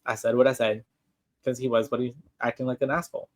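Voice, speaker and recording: A man's voice: medium pitch, little pitch movement, fast. Casual man recapping a movie. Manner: rambling, many fillers and restarts. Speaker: podcast co-host.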